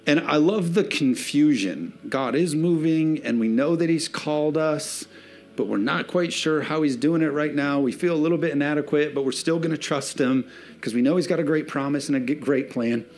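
A man's voice: fairly high pitch, normal speed, darkish tone. A man preaching a sermon to a church congregation in a loose, conversational way, mixing jokes into his message. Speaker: pastor. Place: church sanctuary before a congregation.

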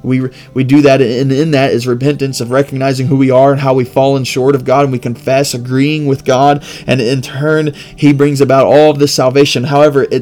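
A man's voice: medium pitch, darkish tone. A man hosting a devotional podcast, reading scripture and reflecting in an earnest manner with emphatic repetition.

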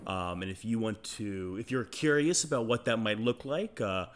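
A man's voice: fairly low pitch, lively intonation, moderate pace. A man co-hosting a podcast in casual chat, rambling and swearing freely. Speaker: podcast co-host.

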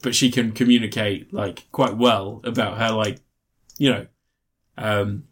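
A man's voice: on the low side, steady tone, unhurried, fairly bright tone, husky. A man hosting a casual film review podcast, retelling scenes animatedly with frequent laughter. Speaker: podcast host.

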